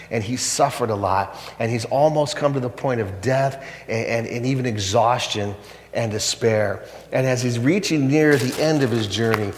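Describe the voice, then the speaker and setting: A man preaching a sermon, telling a story in a conversational, animated way and reading a passage aloud. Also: medium pitch. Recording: echoey hall.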